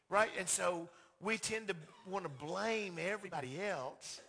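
A man preaching with a high, bright voice that cuts through. He speaks emphatically and directly to his congregation. He often slips into short acted-out dialogues to drive his points home. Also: lively intonation, unhurried, vocal fry, husky. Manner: emphatic, acts out quoted dialogue in skits. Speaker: pastor. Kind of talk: sermon.

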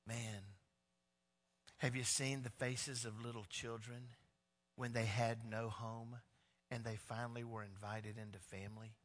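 A man's voice: medium pitch, level tone, unhurried, fairly bright tone, big-room sound. A male pastor preaching a sermon in an emphatic, conversational way, building points through repetition with frequent restarts.

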